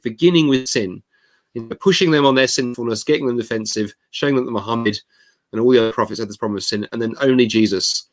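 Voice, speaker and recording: A man speaking as a guest author in an interview, telling a story in an animated, emphatic way. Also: mid-range voice. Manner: animated, acts out quoted voices; emphatic, expressive. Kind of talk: conversational storytelling.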